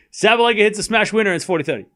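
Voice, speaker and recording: Brief: male stream host, slightly high, very animated delivery, chatty scorekeeper, casual banter. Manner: animated, joking, reads scores aloud while chatting with viewers. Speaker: livestream tennis watchalong host. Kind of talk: casual live commentary chat.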